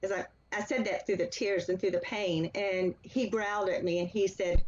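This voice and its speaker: A woman guest giving an earnest, steady personal account in an interview. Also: mid-range voice, moderate pace, few pauses, a little hiss or hum. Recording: slightly dull, lo-fi sound.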